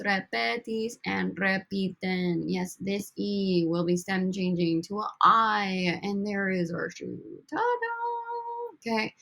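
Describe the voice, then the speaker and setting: A woman's voice: mid-range voice, gravelly. A woman teaching a recorded language lesson over slides, upbeat and coaxing as she drills students with prompts. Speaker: Spanish teacher.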